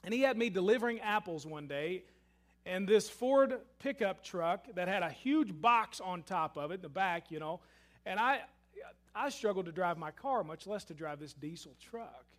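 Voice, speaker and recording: A man preaching a sermon and telling a story, shifting between loud emphasis and hushed asides. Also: high voice, lively intonation, normal speed. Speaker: pastor.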